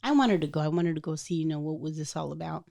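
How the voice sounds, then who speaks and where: A woman hosting a podcast, chatting casually and telling a personal story in an animated way, acting out the voices of people in it. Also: sits low, quick pace, vocal fry. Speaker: podcast host.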